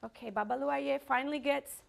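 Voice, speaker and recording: A dance teacher with a high-pitched voice talks fast and with a creaky edge as she guides children through a class in a classroom. Her energy is lively while she encourages them and calls out the counts.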